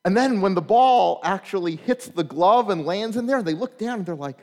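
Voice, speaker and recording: A pastor preaches in an easy, conversational way, tossing quick check-ins to the congregation and slipping into funny stories. His voice sits a little high and swings widely in pitch. The sound rings with a long reverb, as in a large sanctuary. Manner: animated storyteller with humorous anecdotes. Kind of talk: sermon.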